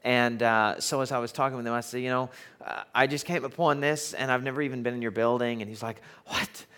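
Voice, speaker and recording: A man preaching in a theater, telling a story in a chatty, animated way with many fillers before reading scripture aloud. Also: mid-range voice, fast. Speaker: pastor. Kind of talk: sermon with storytelling.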